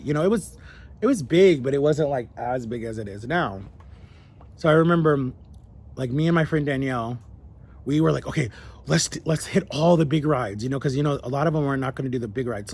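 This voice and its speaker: A young man telling a personal story in a rambling, animated way and acting out the other people's lines. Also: mid-range voice, slightly rough. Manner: rambling, animated, acts out quoted voices. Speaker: vlogger. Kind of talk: casual storytelling.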